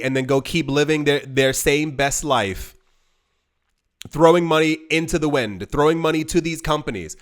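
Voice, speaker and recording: A crypto investing channel host speaks casually to camera in a fairly bright voice that sits on the high side. His rambling is full of restarts, and he sounds emphatic and pleading throughout.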